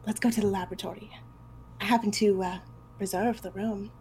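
A woman's voice: medium pitch, steady tone, a little fast, darkish tone, a little hiss or hum, lightly acted, poor audio. A woman voicing a flirty male monster lover in a put-on Italian accent, playful and teasing.

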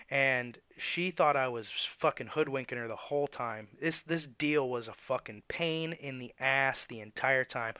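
Male, exasperated rant, heavy profanity, bright tense tone, dead-dry sound. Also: medium pitch, clear, resonant tone, no room sound. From Florida. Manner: blunt, cursing, exasperated. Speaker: tire shop worker.

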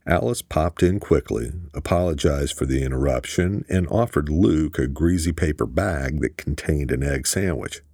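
A man narrating a thriller audiobook in a steady storytelling manner. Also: a bass voice, moderate pace, few pauses, slightly rough, no room sound, studio quality.

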